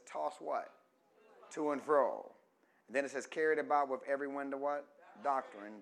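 A man pastor preaching a call-and-response sermon, asking the congregation questions and stretching key words slowly for emphasis. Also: medium pitch, creaky. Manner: rises from quiet teaching to loud emphatic preaching.

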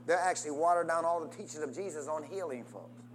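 Speaking fast, a preacher constantly throws questions to the congregation and urges them to say amen. His call-and-response sermon swings widely in pitch and loudness, with a little hiss or hum in the background.

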